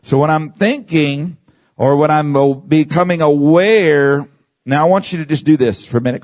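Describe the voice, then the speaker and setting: A man's voice: a little high, moderate pace, darkish tone. A man preaching to a congregation. He guides listeners through exercises, repeats his phrases, drops in "Amen" and calls for responses. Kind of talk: sermon teaching.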